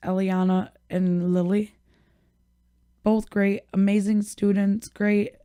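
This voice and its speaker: A woman's voice: mid-range voice, little pitch movement, takes it slowly, dark tone, clean tone, no echo, studio quality. A woman guesting on a podcast, chatting casually in an easygoing, agreeable way. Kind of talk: casual chat.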